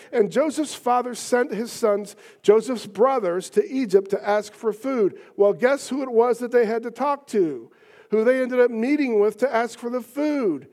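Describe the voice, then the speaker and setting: Pastor, male, high-pitched, emphatic sermon delivery with rising rhetorical peaks. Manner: emphatic, rhetorical questions, rising to near shouts.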